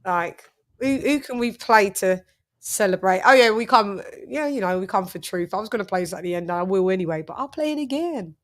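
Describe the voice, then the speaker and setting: Hosting her own boxing livestream, a young British woman talks fairly quickly, reading viewers' comments aloud, giving them shout-outs and laughing with them. Her middle-pitched voice is relaxed and chatty.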